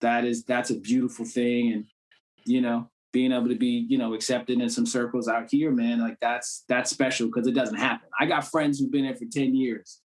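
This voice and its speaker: A man from the Cambridge, Massachusetts area, appearing as a guest actor, talks casually at normal speed in a mid-range, level voice. His speech is loose and full of "you know what I'm saying" fillers.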